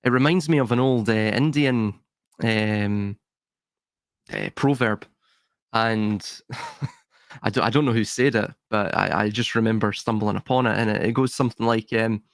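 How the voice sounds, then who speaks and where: A man's voice: lowish voice, measured pace, gravelly, no room sound. Man musing in rhetorical questions, dry sound. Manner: philosophical, tosses out rhetorical questions. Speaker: guest. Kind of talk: casual podcast discussion.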